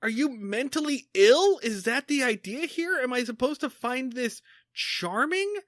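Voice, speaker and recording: A man's voice: extremely high pitch, lively intonation, a little slow, fairly bright tone, no echo, studio quality. A man co-hosting a comedy podcast, ranting angrily and swearing emphatically. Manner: angry, profane, emphatic ranting. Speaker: podcast co-host.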